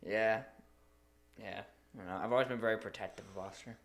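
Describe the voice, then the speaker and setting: A man's voice: on the low side, fairly quick, vocal fry. A young man co-hosting a podcast, telling stories in a casual, profane, laughing way. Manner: laughing, profane, animated storytelling. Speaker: podcast co-host. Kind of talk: casual chat.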